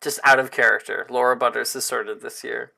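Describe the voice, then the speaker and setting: A man narrating as game master of a tabletop game, unhurried and drawn out, with frequent fillers. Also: medium pitch, level tone, gravelly, bright, forceful tone.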